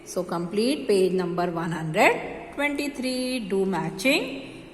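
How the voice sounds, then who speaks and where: A woman, a kindergarten teacher, slowly repeating phonics words for young children. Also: medium pitch, expressive, slight background noise. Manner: slow, drawn-out word repetition, stretching vowels. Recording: echoey room with long reverb.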